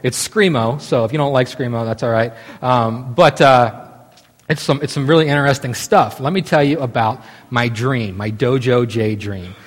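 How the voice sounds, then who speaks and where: A man in his thirties telling a long story casually, animated and full of restarts. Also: mid-range voice, moderate pace. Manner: animated, many restarts and "right?" asides. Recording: long hall reverb.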